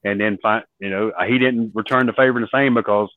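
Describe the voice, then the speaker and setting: A man and former wrestler, a podcast guest, telling lively stories and acting out what others said. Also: fairly low pitch, fairly quick, no echo. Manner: animated storyteller acting out quoted voices. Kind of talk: storytelling in an interview. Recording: dry tinny phone-like line.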